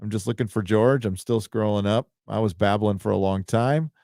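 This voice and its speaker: A man's voice: fairly low pitch, steady tone, normal speed, vocal fry, warm tone, no echo. Male stream host, offhand and rambling, casual swearing, dry close sound. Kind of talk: casual live-stream chat, reading donations. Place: home studio.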